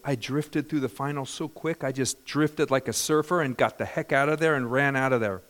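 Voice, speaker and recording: A middle-aged man from California preaching a sermon, lively and humorous, often asking the congregation questions. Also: medium pitch, fairly quick, hardly any pauses. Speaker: pastor.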